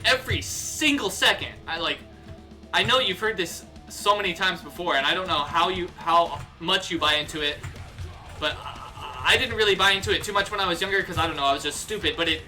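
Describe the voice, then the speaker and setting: A young man on a livestream, riled up and cursing as he rants, often stumbling and starting his sentences over. His voice is very bright and sits a bit high for a man, with soft guitar music playing underneath. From United States. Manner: heated, profane, ranting with restarts. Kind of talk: casual livestream rant.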